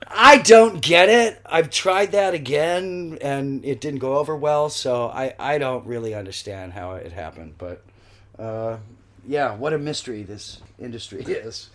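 Middle-aged guy on a podcast, telling a story, acts out all the voices, swears a bit. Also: medium pitch. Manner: lively anecdotes, acts out quoted voices, swears. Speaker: guest actor. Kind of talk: animated storytelling in a podcast interview.

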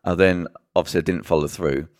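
A man's voice: sits low, fairly even intonation, fast talker, dry recording, clean studio sound. A man chatting casually on a podcast, telling a story with lots of swearing. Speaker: podcast guest. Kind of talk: casual chat.

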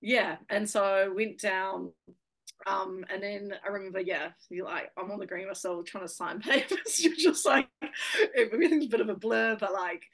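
A woman's voice: mid-range voice, moderate pace, fairly bright tone. A young woman with a New Zealand accent, a guest chatting casually in an interview, full of fillers and laughs.

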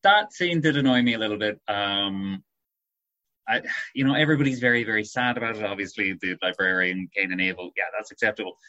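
A man's voice: lowish voice, a little fast, sharp tone, dull audio. A man co-hosting a podcast, explaining things in a hesitant way with many fillers. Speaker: podcast co-host. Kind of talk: casual chat reviewing a show.

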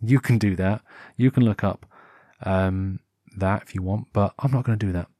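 A man's voice: lowish voice, moderate pace, no room sound, clean studio sound. A British man talking alone on his podcast in a loose, rambling way, often correcting himself and livening up when he acts things out. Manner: rambling, self-correcting, breaks into animated put-on voices. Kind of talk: unscripted solo monologue. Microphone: headphones with a wired mic.

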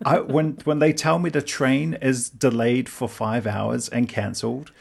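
Gravelly-voiced animated man. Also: mid-range voice, unhurried. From Pacific region. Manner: animated storytelling, mock-outraged. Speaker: guest comedian. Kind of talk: comedy podcast chat.

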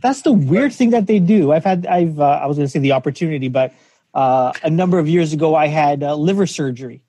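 A man's voice: fairly high pitch, fast talker, dark tone, no echo. A man hosting a casual interview, chatty, with stumbling starts to his questions. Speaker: interview host.

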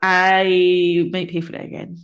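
A woman's voice: on the low side, monotone, a little slow, clear, resonant tone. Tired, chatty woman podcast co-host. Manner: chatty, giggly, swears casually. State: tired from travel. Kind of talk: casual chat.

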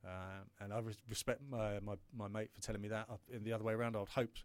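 A man's voice: fairly low pitch, level tone, fast talker, a little hiss or hum. A British man in his thirties, a startup founder telling a hard personal story in an interview, emotional, with frequent restarts and swearing. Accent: British English.

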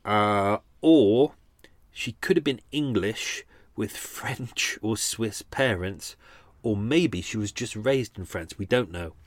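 A man's voice: fairly low pitch, takes it slowly, dry recording. A man hosting a podcast, talking casually in a rambling, hesitant way with many restarts, then running a quiz. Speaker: podcast host.

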